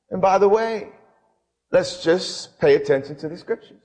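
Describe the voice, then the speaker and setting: A man's voice: high-pitched, expressive, normal speed, darkish tone, long reverb tail. A man preaching an impassioned sermon to a congregation, building his voice up to cries. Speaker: pastor. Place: church hall with audience.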